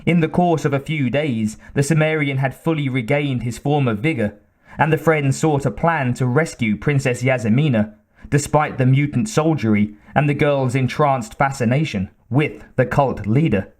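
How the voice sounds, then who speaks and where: A man narrating an audiobook in a measured, deliberate reading style. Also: mid-range voice, darkish tone. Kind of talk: scripted narration.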